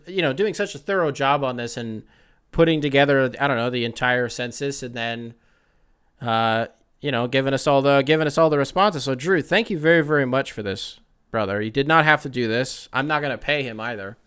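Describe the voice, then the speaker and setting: A man's voice: mid-range voice, normal speed, fairly bright tone, clear, resonant tone. A young man hosting a podcast, rambling casually with lots of fillers and swearing, self-deprecating as he answers listener mail. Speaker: podcast host. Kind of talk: casual solo podcast talk.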